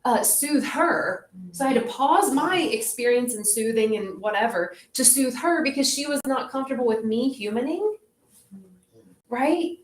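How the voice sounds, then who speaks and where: A woman leading a group in a relaxed, reflective way, often saying "like". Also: sits high, normal speed. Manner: relaxed, reflective, says "like" a lot. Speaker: group facilitator. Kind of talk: casual wellness group talk. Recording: echoey room, faint noise.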